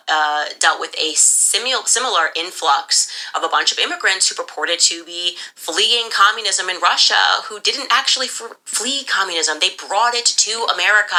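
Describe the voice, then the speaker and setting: A woman's voice: on the low side, sharp tone, rough recording. A woman delivering an emphatic, insistent monologue as a podcast commentator. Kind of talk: opinionated monologue.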